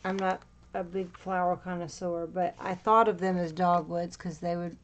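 A woman's voice: on the low side, little pitch movement, moderate pace, lo-fi sound. A woman chatting casually as she pages through a handmade journal, rambling a little and slightly out of breath. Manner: chatty, meandering, with fillers. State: a bit out of breath. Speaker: crafter showing a handmade journal. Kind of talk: casual walkthrough.

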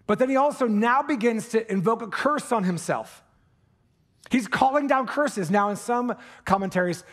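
A man preaching a sermon from the pulpit, animated and earnest, dropping into hushed intensity for emphasis and tossing in casual jokey asides. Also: high-pitched. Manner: jokey asides with put-on accents. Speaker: pastor. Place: church sanctuary.

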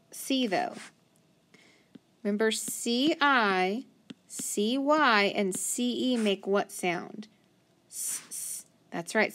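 A woman's voice: medium pitch, a bit bright. A woman teaching a children's phonics lesson, patiently sounding out syllables and praising answers. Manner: slow, patient, sounding words out. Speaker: reading teacher.

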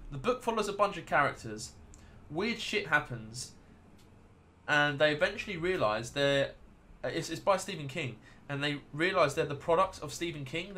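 A man's voice: fairly high pitch, fairly bright tone. An American man streaming a game live, chatting casually and rambling to his viewers. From United States.

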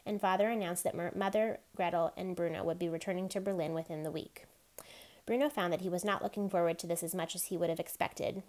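A woman reading chapters of a novel aloud in a steady, even narration. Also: mid-range voice. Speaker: reader.

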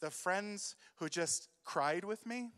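A man giving an emotional sermon as a youth pastor, moving between quiet grief and loud urging. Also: high voice, slow pace. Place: church hall. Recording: long hall reverb.

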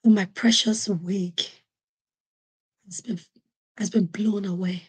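A woman from Nigeria hosting a podcast, telling a personal story in an animated way and acting out what other people said. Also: mid-range voice, slow pace, slightly rough. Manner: animated, acts out quoted voices. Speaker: podcast host. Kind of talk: storytelling monologue.

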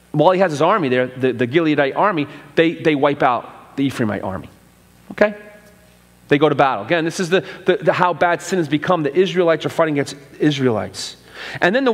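Man preaching in a reverberant church. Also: fairly high pitch. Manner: conversational preaching with repeated restarts and acted-out quotes. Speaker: pastor. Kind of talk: sermon. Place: church sanctuary.

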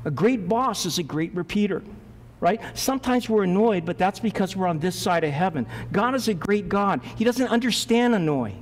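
A male pastor preaching a sermon, lively, acting out the voices of Bible figures as he goes. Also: high-pitched, normal speed, in a large hall.

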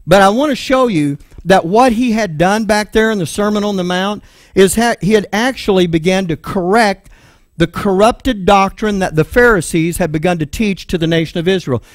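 A high-pitched man with a Texan accent gives sermon-style Bible teaching at a moderate pace, reading verses aloud and explaining them one by one. He asks the room questions before answering them himself and calls to an assistant for the next slide, all in clean studio sound with no echo.

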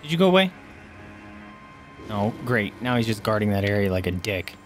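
Soft music plays behind this lowish male voice, which moves at a normal speed. Livestreaming a game, he talks with viewers, thanking them by name, and yelps and swears excitedly at enemies throughout his commentary.

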